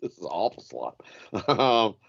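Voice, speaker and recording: A man's voice: fairly low pitch, sing-song, moderate pace, vocal fry, fairly bright tone, breathy edge, lo-fi sound. A man co-hosting a betting podcast, talking through his pick hesitantly with fillers and repeats. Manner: hesitant, repeats himself, lots of uh and yikes. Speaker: podcast co-host, bettor. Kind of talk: casual sports betting chat.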